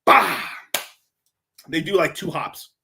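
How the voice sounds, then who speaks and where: A young man from Mexico with a bright, forceful voice streams live over a desk mic. He answers chat questions in a casual, rambling way. He swears freely and restarts his sentences often. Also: medium pitch, a little fast, slight background noise. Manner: profane, loose, lots of fillers and restarts. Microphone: streaming microphone.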